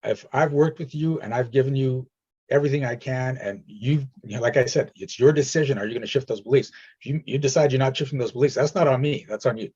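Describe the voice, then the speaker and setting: A man's voice: mid-range voice, fast, darkish tone, slightly rough, lo-fi sound. A man leading a coaching session, talking directly and reassuringly and acting out stories in quoted voices. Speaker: energy healing coach.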